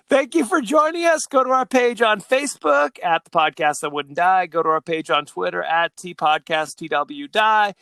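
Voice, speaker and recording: Male co-host, high and sharp voice, rambling casual movie chat, lots of ums, dry close sound. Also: lively intonation, moderate pace, vocal fry, smooth, no echo. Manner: rambling, laughing, many fillers. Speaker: podcast co-host.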